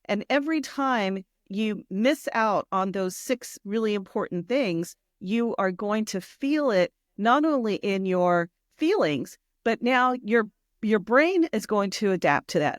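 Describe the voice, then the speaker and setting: A woman's voice: mid-range voice, lively intonation, measured pace, no room sound, studio quality. A woman co-hosting a podcast, speaking in a reflective, affirming way in casual chat. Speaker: nonprofit founder, podcast co-host.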